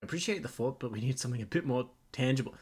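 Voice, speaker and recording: A synthetic male voice playing a stranded astronaut in a game, earnest and insistent, calmly steering the talk back to the problem. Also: medium pitch, very fast, slightly rough, natural voice. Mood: urgent. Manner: polite, insistent, deflects jokes. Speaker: game character.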